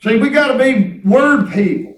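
High pitched guy preaching casual, folksy stories, restarts a lot, far off mic. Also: expressive, normal speed. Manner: folksy storytelling, repeats and restarts words. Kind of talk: conversational preaching. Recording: echoey room, distant mic.

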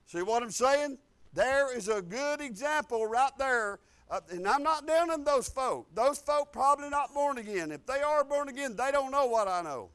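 A man, preaching a folksy sermon that repeats phrases and builds to loud declarations. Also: extremely high pitch, expressive, a little fast, clean tone. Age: 50s.

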